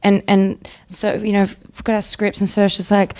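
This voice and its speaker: A chatty Australian woman talks through an interview in a relaxed, bubbly way, laughing often as she tells stories. Her voice sits at a middle pitch for a woman. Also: unhurried, hardly any pauses. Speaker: actress, interview guest. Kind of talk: casual interview chat.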